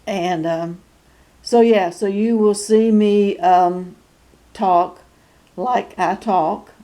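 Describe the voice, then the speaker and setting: A woman in her sixties with a North Carolina Southern accent, talking casually to camera in a halting way with many fillers and frequent chuckles. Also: mid-range voice, steady tone, dark tone. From North Carolina, USA. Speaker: YouTube channel host. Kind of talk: casual personal vlog.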